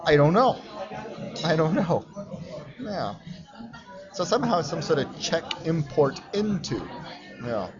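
A man's voice: fairly high pitch, very animated, takes it slowly, pauses often, music in the background. A man co-hosting a casual chat, playful and mock-pompous as he teases his co-host. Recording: lo-fi recording with crowd chatter behind.

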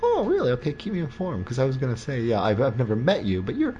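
A man's voice: mid-range voice, huge pitch swings, quick pace, mellow. A man hosting a podcast in casual chat, rambling and joking with many restarts. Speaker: podcast host. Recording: dull lo-fi recording.

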